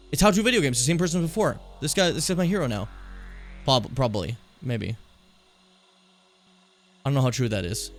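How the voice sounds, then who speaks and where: Animated, excitable male game streamer. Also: mid-range voice. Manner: excitable, swears, bursts into mock rage. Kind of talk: casual gameplay commentary.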